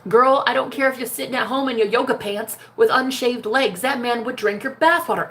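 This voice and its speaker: A woman's voice: fairly high pitch, a little fast, hardly any pauses, a bit bright. An American woman, a spiritual manifestation coach, talking brashly and profanely in a casual livestream.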